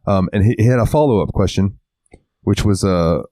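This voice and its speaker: A man's voice: fairly low pitch, moderate pace, dark tone, no echo. A man co-hosting a casual podcast, rambling and swearing freely, acting out little quotes as he talks. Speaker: podcast co-host. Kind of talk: casual chat.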